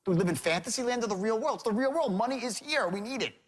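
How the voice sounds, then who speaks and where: Brief: middle-aged male sales trainer, lively seminar delivery with a voice that swings widely. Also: sits high, fast. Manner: animated, acts out sales calls in shifting tones.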